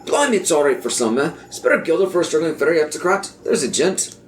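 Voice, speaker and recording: A man's voice: on the high side, very animated, fast talker, roomy sound, a little hiss or hum, voice pushed down. A man voicing a small male fairy sidekick from a game, lilting, slangy and bossy.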